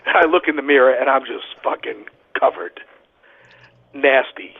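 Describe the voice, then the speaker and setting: A man, a former wrestler and podcast guest, calling in and telling profane, animated stories with lots of "right?" asides. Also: mid-range voice, moderate pace, vocal fry, slightly rough. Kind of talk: casual storytelling on a podcast. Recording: tinny phone line.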